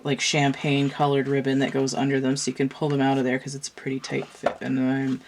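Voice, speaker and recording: A woman's voice: extremely low pitch, monotone, brisk, a little mellow, a little hiss or hum. A woman chatting loosely as she lays out oracle cards, rambling with fillers and restarts, a little congested. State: congested from a cold. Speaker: tarot and oracle card reader. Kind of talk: casual chat while doing a card reading.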